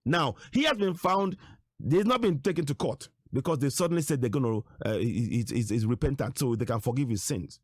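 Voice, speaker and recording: Emphatic man, lively pitch. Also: fairly quick, no echo, studio quality. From Nigeria. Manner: emphatic, repeats rhetorical questions and phrases. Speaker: political commentator. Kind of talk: online commentary on shared on-screen material.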